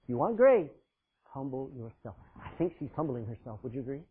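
A man preaching a sermon, emphatic, swinging between loud and quiet. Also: medium pitch, big pitch swings, brisk, breathy edge. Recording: tinny phone-like sound.

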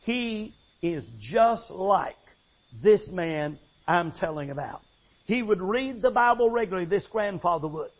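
A man's voice: sits high, lively intonation, measured pace, husky. A man preaching a sermon with emphatic storytelling. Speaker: pastor. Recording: dull lo-fi sound.

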